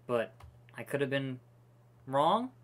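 A man's voice: mid-range voice, sing-song, takes it slowly, fairly bright tone. A man streaming a park-building game, ranting profanely and exasperated with many restarts. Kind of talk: casual gameplay commentary.

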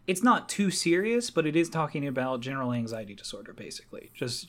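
A man's voice: mid-range voice, a bit bright. A young man co-hosting a podcast in casual chat, enthusiastic, laughing often and swearing casually. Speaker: podcast co-host.

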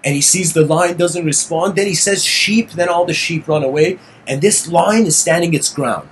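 A man's voice: on the high side, moderate pace, slight background noise, low-quality recording. A man lecturing in a casual, meandering storytelling way. He often restarts phrases and adds "you know".

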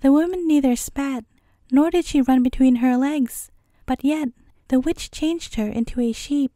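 High, mellow woman reading fairy tales. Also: dry recording, clean studio sound. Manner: calm, measured storytelling. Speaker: storyteller. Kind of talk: bedtime fairy tale reading.

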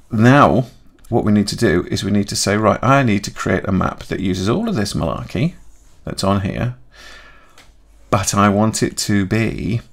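A man talking through a software tutorial in a chatty way, thinking aloud and correcting himself as he goes. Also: on the low side, creaky. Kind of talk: screen-recorded software tutorial.

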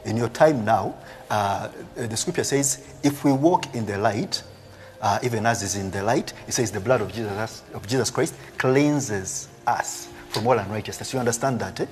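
A man's voice: lowish voice, normal speed. A man preaching a live sermon as a prophet, reading scripture aloud and explaining it, often ending lines with "eh?" and laughing. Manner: animated preaching with frequent "eh?" tags and laughs.

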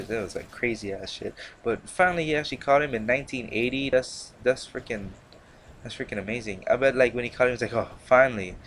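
A man's voice: medium pitch, a bit bright, a little hiss or hum. A young man hosting a gaming channel, rambling in casual, slangy commentary full of fillers and restarts. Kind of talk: casual commentary over gameplay.

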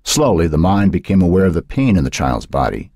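A man narrating an audiobook in a dark, suspenseful reading style. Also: low-pitched, very animated, brisk, slightly rough, no echo, clean studio sound. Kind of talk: scripted narration.

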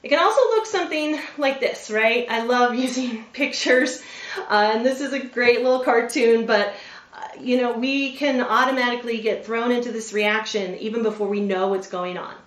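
A woman in her forties gives an animated motivational talk, keeping her listeners with her by asking them to agree. Her voice sits fairly high for a woman, and it comes across from a distance in a roomy, echoing space. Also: normal speed. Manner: animated, checks in with listeners with frequent "right?". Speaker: veterinarian and public speaker. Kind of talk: motivational presentation. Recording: roomy sound from a distant mic.

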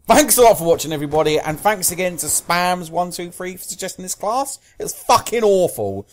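With a high, expressive voice at a moderate pace, a young British man talks over his own gameplay, swearing all the time and lashing out at the players on his team and the other side.

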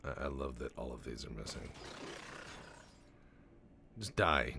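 A man's voice: very deep voice, animated, unhurried, background noise. A man doing rambling, profane, jokey let's-play commentary over a strategy game, tossing in goofy voices. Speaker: gaming channel host.

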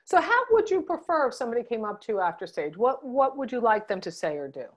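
A woman with a New York accent hosting an interview, chatting warmly and affirming her guest over a video call. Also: on the high side, big pitch swings, fast. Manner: warm, effusive, affirming. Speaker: host. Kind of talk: casual interview chat.

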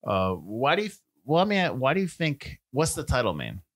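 A man's voice: medium pitch, huge pitch swings, normal speed, fairly bright tone, no echo, studio quality. A man co-hosting a casual film podcast, easygoing and agreeable, asking questions and often restarting his sentences. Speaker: podcast co-host.

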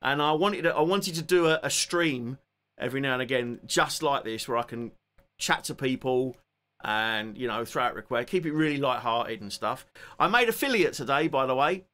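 Bright-voiced London guitarist in his forties. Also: medium pitch, animated, normal speed. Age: 40s. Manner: joking, chatty, self-deprecating. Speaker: guitarist streamer. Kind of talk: casual live-stream chat.

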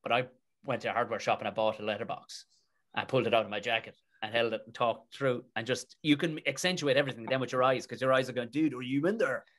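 Swearing Tipperary comedian telling stories. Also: male voice, mid-range voice, quick pace. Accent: Irish, Tipperary. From Tipperary, Ireland. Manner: animated, swears freely, colloquial. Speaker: guest comedian and actor. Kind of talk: casual storytelling in a podcast interview.

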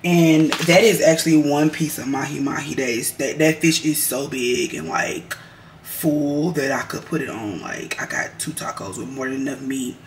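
A woman's voice: sits low, moderate pace, echoey room, a little hiss or hum. A woman, chatting candidly and rambling to her vlog camera in her home kitchen, swearing casually. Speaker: lifestyle vlogger.

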